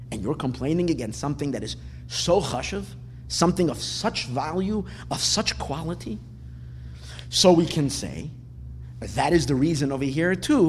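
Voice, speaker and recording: A man giving a Torah class, animated and repeating words for emphasis. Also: a little high. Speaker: Torah teacher. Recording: long reverb, faint ambient noise.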